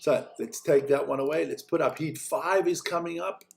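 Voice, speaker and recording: A man giving casual, joking live commentary on a snowboard race as host of a watch-along stream, chatty between heats and excitable during the runs. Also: a little high, moderate pace, creaky, a little hiss or hum.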